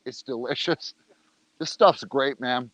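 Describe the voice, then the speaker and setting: A man's voice: medium pitch, takes it slowly, a bit bright, dry recording, poor audio. A man hosting a casual livestream outdoors, joking and talking while he eats. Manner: loose, joking, talks while eating. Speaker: organization leader on a livestream. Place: outdoors, rain coming.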